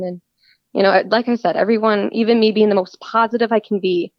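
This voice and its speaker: A woman's voice: mid-range voice, steady tone, a little fast, dry recording. A woman speaking earnestly as a guest in a casual interview, often restarting her sentences. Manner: earnest, repeats words when starting sentences. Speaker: guest, cancer patient. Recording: dull lo-fi dry audio.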